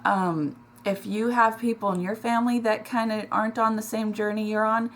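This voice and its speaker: A middle-aged woman talking in a personal vlog, emotional and close to tears, halting with many ums and restarts. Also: fairly high pitch, steady tone, fairly bright tone, a little hiss or hum. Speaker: weight loss vlogger.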